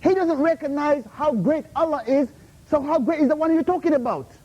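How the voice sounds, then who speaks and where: A man's voice: very high voice, fairly quick, warm tone. A man, an invited Islamic speaker, confronts a questioner in a university room, scolding him and demanding answers with repeated "Huh? How?", and he mixes Arabic terms into his English. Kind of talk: heated Q&A rebuttal. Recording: muffled lo-fi recording.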